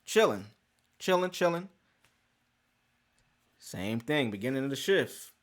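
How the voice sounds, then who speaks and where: A man's voice: mid-range voice, sing-song, takes it slowly. A man hosting a podcast, telling a story in casual, profane slang and acting out the scenes. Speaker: podcast host.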